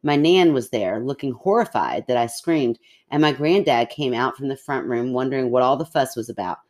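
A woman co-hosting a podcast, chatting casually and reading listener stories aloud, animated and quick to laugh and gasp. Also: very deep voice. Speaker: podcast co-host.

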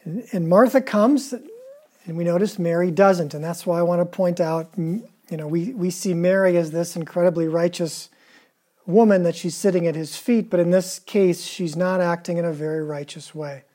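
Preacher, mellow tone, retells scripture casually and keeps asking the room questions. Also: medium pitch, moderate pace. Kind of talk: conversational sermon.

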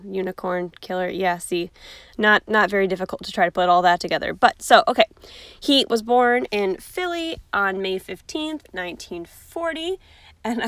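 A woman's voice: mid-range voice, clean tone, no echo. A woman hosting an unedited podcast, rambling in a bubbly, chatty way with goofy asides. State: hiccups. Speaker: podcast host.

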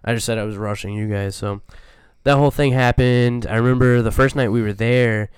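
Young man, smooth clear voice, dry close sound, laid-back casual storytelling. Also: mid-range voice, fairly even intonation, brisk, dry recording. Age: young adult. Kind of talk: casual chat.

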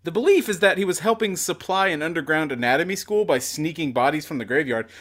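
A man's voice: fairly high pitch, quick pace, a bit bright. A man hosting a trivia round, reading questions with dry offhand jokes. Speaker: quiz host.

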